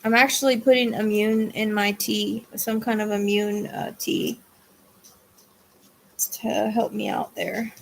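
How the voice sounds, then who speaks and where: A woman's voice: mid-range voice, steady tone, unhurried, vocal fry, a little hiss or hum. A woman hosting a psychic livestream, chatting with her viewers in a casual way. She sounds tired and drained, and she rambles, restarts her sentences and trails off.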